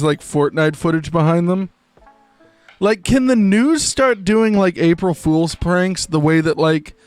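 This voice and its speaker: A young man live-streaming a game, chatting in a rambling, jokey way. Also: a little high. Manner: rambling, jokey, trails into silly voices. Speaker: gaming streamer. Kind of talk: casual live-stream chat while gaming.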